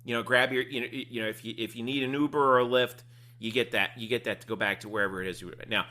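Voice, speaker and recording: Brief: male host around 40, crisp and bright voice, steers the conversation. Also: medium pitch, fairly even intonation, fast talker. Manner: leads the talk, repeats words as he starts. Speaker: podcast host. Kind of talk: casual sports chat.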